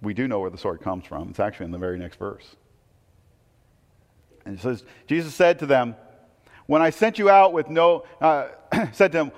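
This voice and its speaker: A man's voice: on the high side, fairly quick, long reverb tail. A man preaching a conversational sermon, asking rhetorical questions and quoting scripture. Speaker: pastor.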